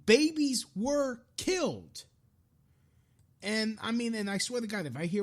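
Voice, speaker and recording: A man's voice: high-pitched, very animated, unhurried. Frustrated man ranting on a podcast. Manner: frustrated, profane, restarts often. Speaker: podcast host. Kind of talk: live-streamed political rant.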